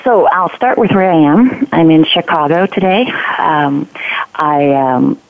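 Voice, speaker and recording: Gravelly woman on a tinny phone line. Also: sits low. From Newfoundland, Canada. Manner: measured, with many ums and restarts. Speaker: guest consultant. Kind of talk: panel guest on call-in radio.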